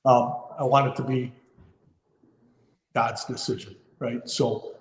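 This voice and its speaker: Speaking slowly in a medium-pitched, level voice, a firefighter in his fifties shares an earnest, heartfelt story as a podcast guest. He frequently uses filler words and restarts his thoughts, and the recording sounds roomy with a long reverb tail.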